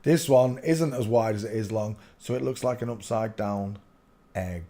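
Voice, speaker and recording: A man hosting a rambling livestream chat from a room at home, often bursting out loudly. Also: fairly low pitch, moderate pace. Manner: rambling, with sudden loud outbursts. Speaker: livestream host.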